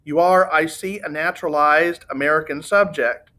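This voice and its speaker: A man's voice: a little high, moderate pace, pushed and bright. A man voicing a precise detective who asks formal, dry questions. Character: precise, dry-witted older male detective.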